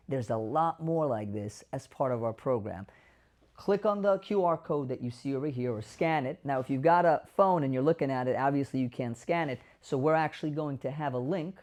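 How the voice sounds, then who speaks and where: A man's voice: fairly high pitch, darkish tone. Emphatic man explaining caregiving tips. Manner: emphatic, acts out sample caregiver dialogue. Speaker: doctor hosting a caregiver advice show. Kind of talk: direct-to-camera explainer.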